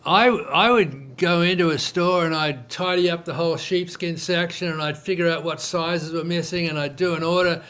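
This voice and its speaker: As an interview guest, this entrepreneur relates his business story in loose, casual speech packed with fillers. His voice is fairly high, his pace moderate with few pauses, and he acts out the conversations he quotes.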